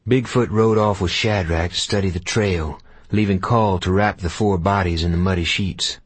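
Deep husky male audiobook narrator. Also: steady tone, moderate pace, no echo.

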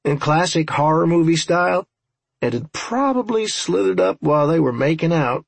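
A man with a gravelly, husky voice narrates a first-person audiobook. His delivery is dry and wry, salted with profanity. The sound is close and very dry. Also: a little high, moderate pace, dry recording.

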